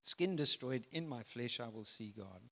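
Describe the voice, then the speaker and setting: A man preaching a sermon, emphatic, swinging from loud declarations to soft, quiet phrases. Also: mid-range voice, expressive, normal speed, gravelly, in a large hall. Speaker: pastor.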